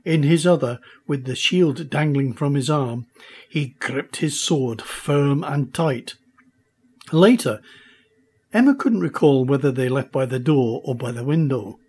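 A man reading a children's story aloud, expressive and unhurried. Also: medium pitch, husky. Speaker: audiobook reader. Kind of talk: storybook narration.

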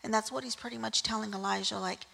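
A woman's voice: mid-range voice, steady tone, fast, gravelly, pushed and bright, long reverb tail. A woman preaching a casual sermon, telling the story in a chatty way with frequent "right?" asides.

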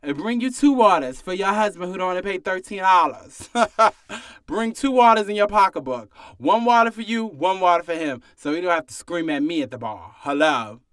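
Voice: medium pitch, animated, moderate pace, fairly bright tone, no echo, clean studio sound. A bartender delivering a sassy, exasperated comedic rant full of repetitive jabs. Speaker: bartender ranting to viewers.

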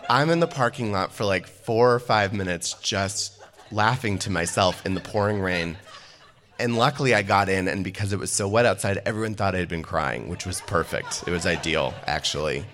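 A man's voice: sits low, moderate pace. Laughing man telling a funny story. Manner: animated, often laughing as he tells it. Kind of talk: telling a personal anecdote.

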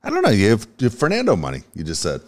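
A man's voice: lowish voice, huge pitch swings, very fast. A male co-host in casual sports chat, joking with profane banter.

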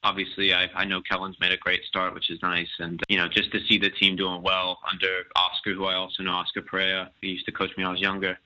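Deep-voiced young man, British-tinged American. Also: completely flat delivery, sharp tone, rough recording. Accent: American with some British influence. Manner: modest, halting, many fillers and restarts. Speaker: guest professional soccer player. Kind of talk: interview answers.

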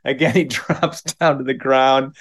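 Middle-aged male storyteller from Minneapolis; halting, self-deprecating delivery, average pitch. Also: steady tone. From Minneapolis, United States. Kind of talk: live comic storytelling.

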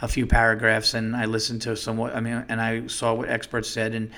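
A man's voice: medium pitch, a little fast. A man hosting a comedy podcast, telling profane stories and acting out the people in them. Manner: profane, animated, acts out voices in quotes. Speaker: podcast host. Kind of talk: comedic storytelling monologue.

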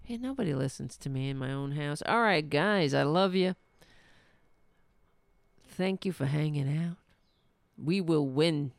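A woman's voice: measured pace, vocal fry, pauses often, no echo. A woman podcast host chatting casually and signing off her show. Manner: coaxing her cat in a soft high voice, then upbeat sign-off. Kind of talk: casual livestream sign-off.

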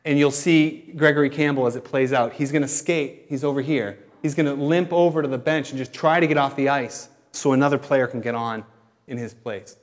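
A man preaching a sermon in a conversational way, explaining as he goes with pauses and restarts. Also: mid-range voice, steady tone, in a large hall. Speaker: pastor.

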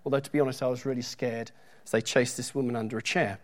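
A man's voice: mid-range voice, fairly even intonation, quick pace. A middle-aged man preaching a sermon in a church, talking conversationally with joking asides and reading scripture aloud with emphasis.

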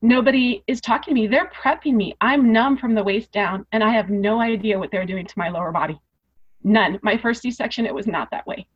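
A woman's voice: medium pitch, brisk, breathy edge. A woman telling her own story as a guest in an interview. She speaks earnestly and emotionally, repeating phrases for emphasis. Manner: emotional, rising intensity. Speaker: podcast guest. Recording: dull lo-fi podcast audio.

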